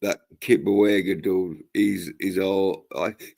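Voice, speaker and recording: Brief: male livestream host, unhurried drawl, crude and rambling. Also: low voice, fairly even intonation, creaky, a little mellow. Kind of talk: casual chat.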